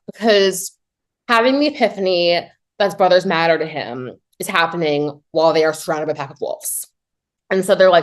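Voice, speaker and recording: Chatty woman recapping a movie. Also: brisk. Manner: chatty and animated, heavy use of "like"; swings between excited high pitch and low deadpan asides. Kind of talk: casual comedic movie recap.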